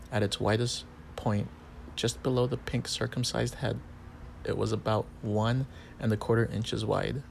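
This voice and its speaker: Guy calmly reading an erotic story out loud, low flat creaky voice. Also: a little hiss or hum. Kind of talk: first-person story narration.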